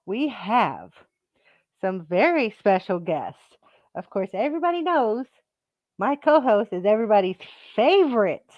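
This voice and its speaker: Slow, lively-voiced woman hosting a stream. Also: on the high side, no room sound, dull audio. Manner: chatty, laughs often. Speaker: show host. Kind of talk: casual live-stream hosting.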